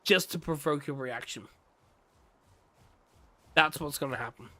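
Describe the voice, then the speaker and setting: High-pitched guy going off on a rant during a chill game stream, gets worked up. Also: unhurried. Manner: impassioned wrestling rant with excited mimicry. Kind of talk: casual gaming stream chat.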